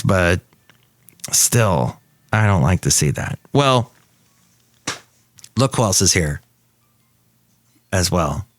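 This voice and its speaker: A man's voice: mid-range voice, dry recording. A man hosting a solo podcast in casual chat, rambling with jokey asides. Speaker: podcast host. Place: outdoors at a cafe.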